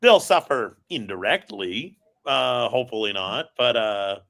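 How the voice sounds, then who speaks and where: Slow-talking man with a lively, bright voice. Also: mid-range voice, creaky. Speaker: co-host of a card-collecting livestream. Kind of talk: casual livestream chat.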